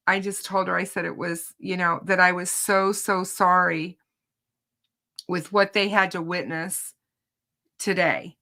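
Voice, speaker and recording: A woman's voice: mid-range voice, steady tone, unhurried, bright, forceful tone. A woman hosting a true crime channel, telling viewers about her day in court in an emphatic, indignant casual way.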